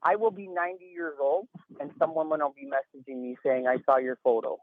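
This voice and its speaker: A man's voice: medium pitch, fairly quick, dry recording. A man on a phone call, talking in an emphatic, rambling, exasperated way as an interview guest. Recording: tinny phone line.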